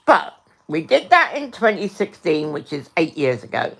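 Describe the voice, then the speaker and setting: A woman's voice: low voice, very animated, normal speed, creaky, fairly bright tone, slightly rough. A middle-aged woman hosting a livestream, ranting angrily and swearing, often repeating herself and speaking to her chat by name. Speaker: livestream host. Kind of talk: angry livestream rant.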